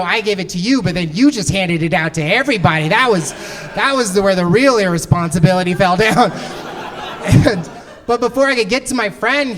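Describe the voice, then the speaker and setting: A man's voice: high-pitched, fairly bright tone. A man doing stand-up comedy in a club, telling a story, often laughing as he talks and acting out other people's voices on a handheld mic.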